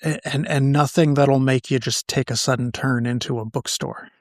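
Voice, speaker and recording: A man's voice: medium pitch, steady tone, normal speed, dry recording. A man co-hosting a casual chat, dry and skeptical, teasing his partner. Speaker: podcast co-host.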